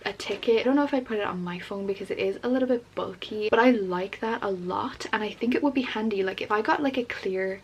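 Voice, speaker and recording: A young woman vlogging casually about books, gushing and excitable, with lots of filler words. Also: medium pitch, fast, hardly any pauses, slight background noise, low-quality recording. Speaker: book vlogger. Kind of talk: casual unboxing chat.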